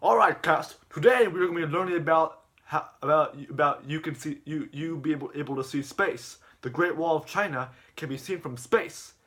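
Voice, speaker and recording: A man voicing a loud, angry male teacher who yells and swears at his class. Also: fairly high pitch, moderate pace, voice pushed up, lightly acted. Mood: yelling. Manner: yelling, swearing.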